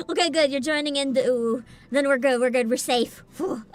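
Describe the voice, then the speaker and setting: A woman's voice: high voice, moderate pace. A young woman streaming a story game, chatting casually and playfully with her viewers and giggling often. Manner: giggly, playful, talks to chat. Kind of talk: casual livestream chat. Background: faint game music.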